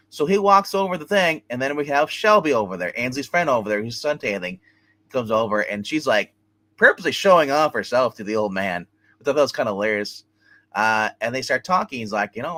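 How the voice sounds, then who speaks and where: A man co-hosting a casual TV review chat, excitedly retelling scenes with lots of fillers. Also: medium pitch. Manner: animated retelling, acting out scenes, many fillers. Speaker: co-host reviewing a TV episode.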